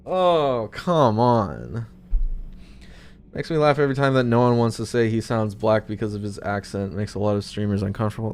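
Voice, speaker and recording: A man's voice: mid-range voice, lively intonation, moderate pace. A young man streaming a game, talking casually and ranting bluntly with lots of swearing. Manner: blunt, profane, opinionated ranting. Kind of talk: casual live-stream commentary over gameplay. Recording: streamed with game music behind.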